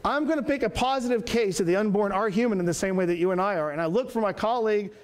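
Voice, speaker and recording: A man's voice: high-pitched, quick pace. A man from Georgia giving a lecture, telling folksy stories and making his points with emphasis. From Georgia, USA. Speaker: apologetics speaker. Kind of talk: public lecture. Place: lecture hall.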